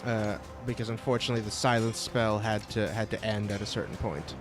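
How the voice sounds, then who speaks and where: A man's voice: fairly low pitch, fairly even intonation, a little fast, music in the background. A man running a tabletop role-playing game as game master, talking casually with frequent filler sounds and some swearing.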